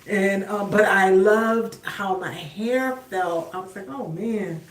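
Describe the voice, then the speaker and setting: A woman's voice: mid-range voice, slow pace, far from the mic. Chatty woman live-streaming in an echoey room. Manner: chatty, speaks to viewers directly, faith talk. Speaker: livestream host. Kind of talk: casual livestream chat while styling hair. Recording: roomy echo, voice off-mic.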